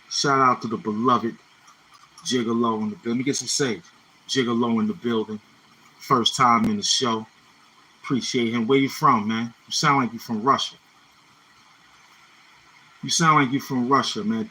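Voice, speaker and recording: A husky, pushed, bright medium-pitched voice holds a steady tone at a moderate pace, broken by long pauses, on a rough recording. He's a Brooklyn, New York City livestream host chatting loosely between freestyle rhymes and tagging lines with "you know what I'm saying."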